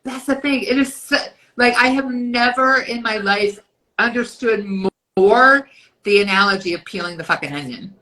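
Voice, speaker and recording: Her voice is bright and forceful, slightly higher than the typical woman's; she's in her fifties and co-hosts a podcast. In the casual banter she's blunt, curses freely, and drops quick voiced asides, all captured on poor audio.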